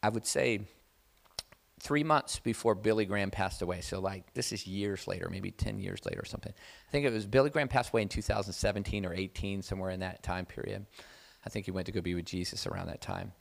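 A man preaching a sermon, telling a personal testimony in a conversational, animated way that builds to loud, emphatic preaching. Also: sits low, quick pace, vocal fry.

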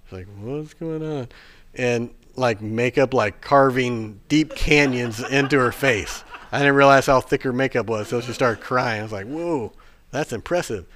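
A male preacher telling a story from the pulpit in a loose, rambling way, full of fillers and restarts. He has an average-pitched voice and turns hushed and earnest as he preaches. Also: fairly even intonation, moderate pace, few pauses. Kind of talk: sermon storytelling.

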